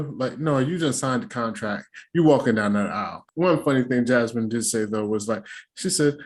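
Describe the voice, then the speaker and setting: A middle-aged man hosting a casual show recap, talking in slangy, animated asides and jokes. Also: mid-range voice, normal speed. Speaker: recap host.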